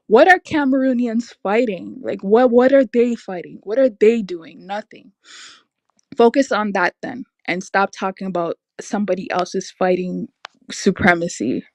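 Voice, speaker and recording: A woman's voice: medium pitch, moderate pace, darkish tone, no room sound. A young woman hosting a livestream, ranting in a casual, emphatic, exasperated way with lots of "like" fillers. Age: young adult. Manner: exasperated, emphatic, frequent "like" and laughs. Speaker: livestream host. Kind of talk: casual opinion rant on a stream.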